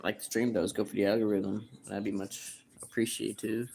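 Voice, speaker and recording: A man's voice: lowish voice, level tone, a little fast, creaky, darkish tone, a little hiss or hum. A young man livestreaming, answering chat questions in crude, profane, slangy banter. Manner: reads chat questions aloud and answers bluntly.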